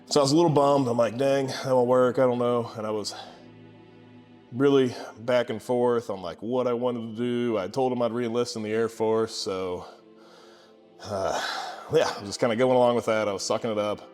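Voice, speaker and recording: A man, telling a casual story about starting his gym, sarcastic and lively when he quotes people. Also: medium pitch, moderate pace, faint music behind. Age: 20s. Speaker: gym owner vlogger.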